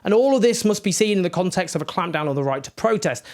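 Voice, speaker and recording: A man's voice: high voice, animated, fast, darkish tone. A man giving impassioned, indignant political commentary with sarcastic asides.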